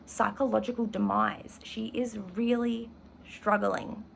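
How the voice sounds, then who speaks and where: Woman, teacher, gravelly fry, enthusiastic, literature lesson, slight hiss behind. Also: fairly high pitch, flat delivery, measured pace, rough recording. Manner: enthusiastic, self-correcting while reading. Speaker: English teacher. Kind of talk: literature lesson with read-aloud passage.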